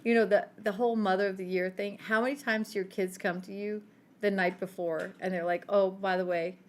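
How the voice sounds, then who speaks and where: A middle-aged woman co-hosting a podcast, telling lively family stories in casual chat and laughing often. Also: mid-range voice, a little fast. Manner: animated storyteller, laughs often. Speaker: podcast co-host.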